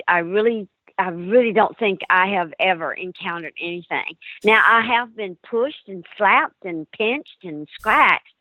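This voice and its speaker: A woman paranormal investigator, a guest on an interview show, telling her stories with lively acted-out quotes. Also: on the low side, dry recording. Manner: animated storyteller acting out quotes. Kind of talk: storytelling in a call-in interview. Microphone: phone. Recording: tinny dry phone line.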